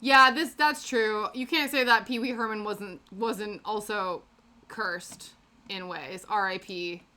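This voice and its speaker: A woman's voice: mid-range voice, slow pace, sharp tone. A British woman streaming a crafting session, chatting casually and reacting to her chat with frequent laughs. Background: faint background music.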